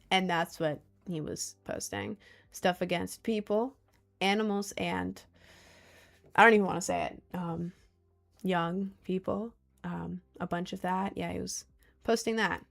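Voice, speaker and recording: Streaming to her audience, a young adult woman reads viewer messages in a rambling, relaxed way, with frequent laughter and lots of filler words. Her voice is medium in pitch, creaky and unhurried.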